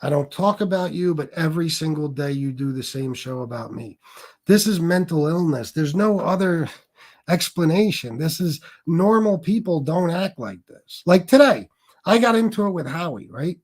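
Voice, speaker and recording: A man's voice: a little high, lively intonation, moderate pace, darkish tone. A man hosting a casual livestream, talking bluntly with lots of cursing, repeating himself and restarting sentences as he reads chat comments. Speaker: livestream host.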